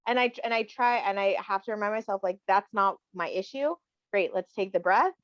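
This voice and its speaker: Talking fairly quickly in a medium-pitched voice, a woman guest shares candid reflections in a casual chat. She keeps acting out the things she says to others, and the sound is dull, dry and lo-fi.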